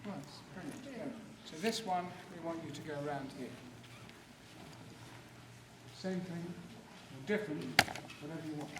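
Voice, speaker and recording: A man's voice: on the high side, a little fast. Older man in an echoey hall. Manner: encouraging, playful, anecdotal. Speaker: guest actor leading a panel. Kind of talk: convention panel, coaching volunteers in improv. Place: large convention hall. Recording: echoey hall, far from mic, noise.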